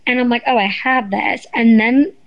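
A woman guest telling a story in a casual interview, animated and swearing, acting out what people said. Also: fairly high pitch, moderate pace, highs cut off. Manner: animated, swearing, acts out quotes. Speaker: guest, former reality show contestant.

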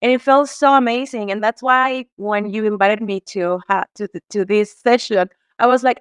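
Heartfelt woman from Mexico, smooth voice. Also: mid-range voice, fairly even intonation, normal speed, hardly any pauses, no room sound, clean studio sound. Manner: heartfelt, tearful, many restarts and fillers. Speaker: guest. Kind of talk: emotional conversational interview.

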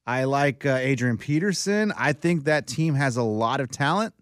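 Lively man chatting sports. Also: medium pitch, clear, resonant tone, dry recording, studio quality. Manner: lively, quick reactions and questions. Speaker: podcast co-host. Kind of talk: casual sports chat.

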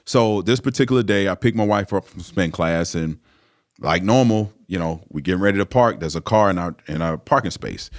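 A man with a fairly low voice tells a personal story as an interview guest. He talks in a loose, animated way, often restarting his sentences and filling gaps with "you know" and "uh.". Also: brisk. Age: 30s or older. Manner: animated, frequent fillers and restarts. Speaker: interview guest, former pro football player. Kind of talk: casual storytelling.

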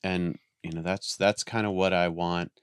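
Low voiced guy rambling thru a story, keeps restarting, dry mic. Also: steady tone, moderate pace, clean tone, dry recording. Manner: rambling, restarts a lot, acts out voices in stories. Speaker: guest on a dog training podcast. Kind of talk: casual storytelling chat.

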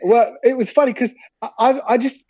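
A man's voice: very high voice, steady tone, normal speed, a little mellow, breathy edge, dry recording, muffled recording. A man from hosting a podcast, teasing his co-hosts and laughing often in casual banter. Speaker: podcast host.

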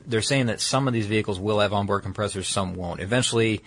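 A man's voice: fairly low pitch, fast. A man explaining a technology in casual conversation, rambling and correcting himself with many fillers.

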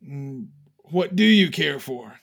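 A man's voice: on the high side, lively intonation, slow, gravelly. A man playing a tabletop role-playing game, earnestly speaking for his character. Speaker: player.

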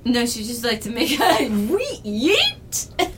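A woman narrating her character's actions as a player in a tabletop game, giggly and animated. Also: on the high side, takes it slowly, slight background noise.

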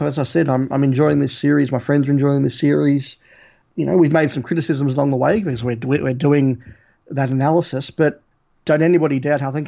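A man co-hosting a podcast, giving a measured, thoughtful opinion of an episode. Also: fairly high pitch, creaky. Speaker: podcast co-host. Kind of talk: casual review chat. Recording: dull lo-fi audio.

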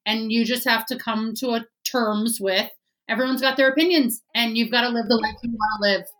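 A woman hosting a casual interview, asking questions and sharing a lively anecdote. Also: fairly high pitch, fairly quick. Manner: engaged, asks questions, tells lively anecdotes. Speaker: host.

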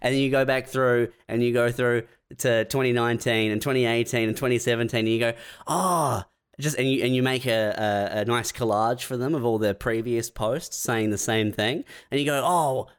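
A man's voice: mid-range voice, fairly even intonation, a little fast, hardly any pauses, clear, resonant tone. A man, co-hosting a casual podcast chat and acting out mock dialogue in his jokes. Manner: jokey storytelling, acts out mock dialogue.

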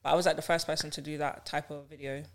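Animated British woman chatting on a podcast. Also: deep voice, racing. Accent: British English. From United Kingdom. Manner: animated, laughs often, explains patiently. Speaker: podcast guest, skincare influencer. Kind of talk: casual podcast chat.

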